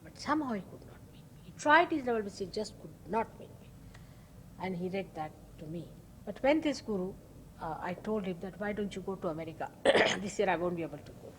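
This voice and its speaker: A woman's voice: medium pitch, expressive, fast talker, a little hiss or hum, rough recording. Woman telling a spiritual anecdote. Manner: storytelling, acts out quoted dialogue; emphatic, repeats key words. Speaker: spiritual teacher. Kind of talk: informal spiritual talk with anecdotes.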